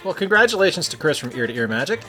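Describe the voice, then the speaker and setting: A man's voice: on the high side, very animated, rapid-fire, sharp tone, faint music behind. A man co-hosting a comedy podcast, running the rundown with mock-boastful wisecracks. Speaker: podcast co-host. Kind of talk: casual comedy banter.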